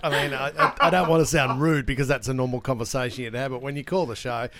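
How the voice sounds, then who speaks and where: A man's voice: medium pitch, fast, a loud crowd. An Australian man co-hosting a radio show, teasing his colleagues and speaking bluntly. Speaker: radio host. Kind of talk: breezy radio banter. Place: radio studio. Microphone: studio microphone.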